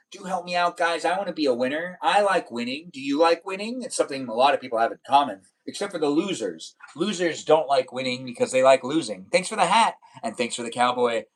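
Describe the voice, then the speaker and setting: A man's voice: on the high side, poor audio. A man live streaming, chatting casually and reading out viewer comments in a rambling, repetitive way.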